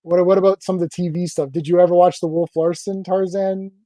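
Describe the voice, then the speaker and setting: Rambly, enthusiastic man with a mellow voice. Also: high voice, level tone, fairly quick, dry recording. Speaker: host. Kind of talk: casual interview chat.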